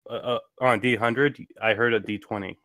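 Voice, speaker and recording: A man's voice: lowish voice, steady tone, normal speed, pushed and bright. A man playing a bard in a tabletop game, talking matter-of-factly. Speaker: player. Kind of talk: casual tabletop play.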